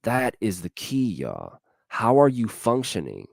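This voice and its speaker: A man with a fairly low voice talks through a motivational message, earnest and a little repetitive. He keeps asking rhetorical questions and speaks straight to his listeners in a folksy way. The sound is close and dry, with no room behind it. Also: wildly swooping pitch, measured pace, creaky, darkish tone, dry recording. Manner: addresses listeners directly and folksily. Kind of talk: casual motivational talk.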